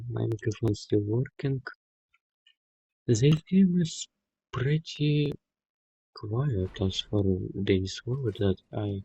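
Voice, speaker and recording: A man gives slow, unhurried commentary over a game he is playing. His voice is gravelly and husky, with a darker tone, and he swears freely. The recording is dull and lo-fi. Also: on the low side, dark tone, no room sound. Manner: swears a lot, non-native phrasing. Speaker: gamer. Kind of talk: casual gameplay commentary.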